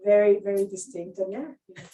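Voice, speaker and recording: A Peruvian woman with a Spanish accent tells her stories with lively energy, breaking into laughter and acting out other people's voices. She sits at a middle pitch in an echoey bookstore, heard from a mic some distance away. The sound is roomy and open. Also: normal speed. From Peru. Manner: animated storytelling, often laughing, acting out voices. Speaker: memoir author, guest. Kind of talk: live bookstore conversation. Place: bookstore event space.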